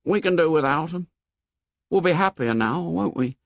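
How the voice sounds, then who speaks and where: A man voicing an anxious, fussy schoolboy who talks in rough grammar and is eager to please. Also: fairly high pitch, lively intonation, moderate pace, no room sound, pitched above the performer's own voice. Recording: dull, dry studio audio.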